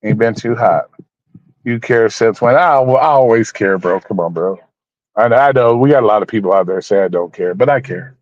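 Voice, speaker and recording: Over dull, dry lo-fi audio with no room sound, a fairly low-pitched man speaks at a moderate pace. He's a livestream host who rambles and repeats himself, chats with viewers by name, and comes off blunt and mock-preachy, swearing now and then.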